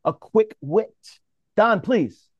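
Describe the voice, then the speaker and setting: A man from New York leading a mediators' roundtable in an animated, casual way, often restarting his sentences and calling on others by name. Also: high-pitched, slow, husky, no room sound, highs cut off. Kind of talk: casual discussion, moderating.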